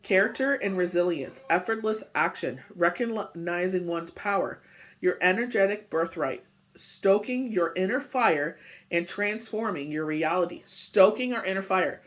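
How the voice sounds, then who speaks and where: High-voiced man rambling through tarot. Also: measured pace, fairly bright tone. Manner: rambling, full of "you know" and "it's just like". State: recovering from a bad cold. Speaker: tarot reader. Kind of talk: casual daily tarot reading.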